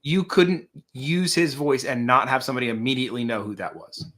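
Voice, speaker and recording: A man with a voice made hoarse by allergies, co-hosting a casual live show from home, chatty and self-deprecating. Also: medium pitch, brisk, a bit bright. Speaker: co-host. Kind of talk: casual chat.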